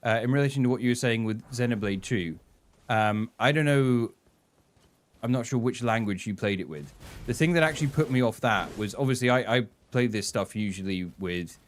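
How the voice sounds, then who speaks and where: A man giving rambling live-stream commentary while he plays, swearing and reacting out loud. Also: medium pitch, moderate pace. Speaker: gaming streamer.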